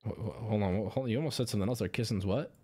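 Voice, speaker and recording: A man in his thirties, hosting a casual live stream, reacting loudly and swinging from mumbling to shouting. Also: lowish voice, rapid-fire, slightly rough.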